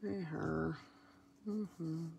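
A woman talks slowly through a paper-craft demo in a low, gravelly voice, chatting and thinking aloud as she colors and glues. She pokes mild fun at herself between steps. The home recording carries steady background noise. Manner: chatty, self-deprecating, thinking aloud while working. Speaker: crafting demonstrator. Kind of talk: casual how-to commentary while crafting.

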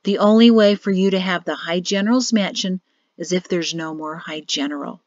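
A woman voicing a quiet, grave young man in an audiobook, speaking in soft, low, measured warnings. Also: no room sound, natural voice. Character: grim quiet young man, cryptic brother. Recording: dull lo-fi dry audio.

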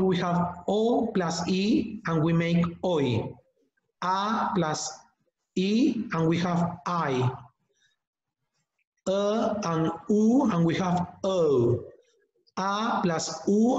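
A man teaching English pronunciation in an online webinar, modeling words slowly and deliberately for students to repeat. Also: high-pitched, expressive, darkish tone, slight background noise. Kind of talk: online webinar lesson, drilling sounds. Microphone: computer mic on a video call. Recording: echoey, dull lo-fi webinar audio.

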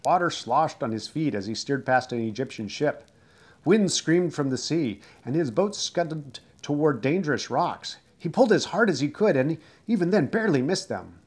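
A man reading a children's book aloud, expressive and dramatic, shouting out the characters' cries. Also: medium pitch. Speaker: storyteller.

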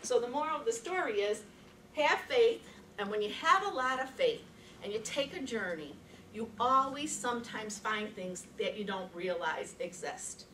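Lively high-voiced woman in her sixties. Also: moderate pace, a little hiss or hum. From Chicago, USA. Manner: animated, acts out voices, laughs often. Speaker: contest speaker. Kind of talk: humorous storytelling speech. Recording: echoey hall from far off.

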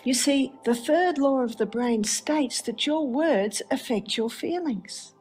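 Expressive woman lecturer, higher voice. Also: slow pace, faint music behind. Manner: expressive storytelling with rhetorical questions. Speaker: speaker. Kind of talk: faith-based lecture.

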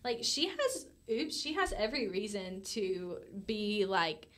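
A woman's voice: medium pitch, sing-song, measured pace, a bit bright. A young woman from Georgia, chatting animatedly as a podcast guest and laughing often. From LaGrange, Georgia. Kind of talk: casual chat.

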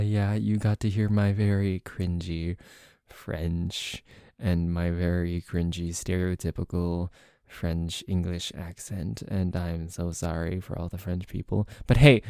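A man's voice: on the low side, a little mellow, clear, resonant tone, dry recording, clean studio sound. A man casually chatting to listeners at the end of an audio, joking at his own expense and laughing often. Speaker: voice actor and channel host. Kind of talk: casual outro chat to listeners.

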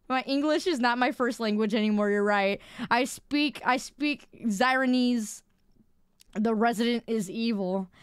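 A woman's voice: fairly high pitch, clean tone, no room sound, studio quality. A young woman streamer chatting casually and rambling, laughing at herself as she trips over her words. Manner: giggly, rambling, self-mocking. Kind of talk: casual live-stream chat.

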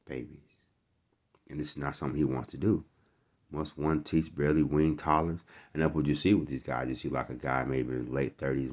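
Very deep-voiced man preaching. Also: a little mellow. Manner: casual and slangy, talking straight to viewers; preachy and repetitive, grows heated and emphatic. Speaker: scripture teacher. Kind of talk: verse-by-verse scripture reading and commentary.

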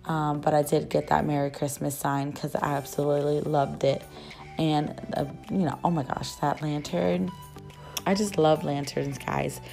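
A young woman vlogger, her voice still rough after losing it, chatting and gushing in a casual shop-with-me voice-over. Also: low-pitched, flat delivery, normal speed, dark tone, faint music behind. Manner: gushing, chatty, many fillers. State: rough voice, just recovering.

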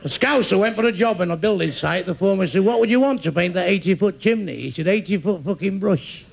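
A man's voice: sits high, fast, vocal fry, breathy edge. A man with a Mancunian accent doing a crude stand-up comedy routine, chuckling at his own punchlines.

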